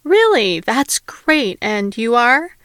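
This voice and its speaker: A woman's voice: on the high side, very animated, slow pace, clean tone, dry recording, studio quality, full character voice. A woman reading as a welcoming widowed father. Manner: warm, welcoming, hospitable. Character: kindly middle-aged male homeowner, a widower.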